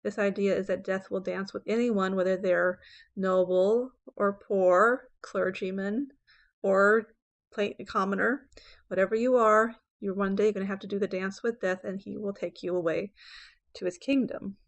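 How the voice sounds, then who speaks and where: A woman English professor giving a lecture on poetry, explaining terms clearly and reading verse lines slowly and dramatically. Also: mid-range voice, fairly even intonation. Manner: checks in with "okay?" and "right?".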